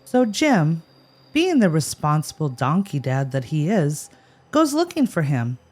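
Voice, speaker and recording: A woman's voice: sits low, sing-song, unhurried, darkish tone. A woman co-hosting a podcast, telling a history story with playful, jokey asides. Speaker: podcast co-host. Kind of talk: scripted podcast banter.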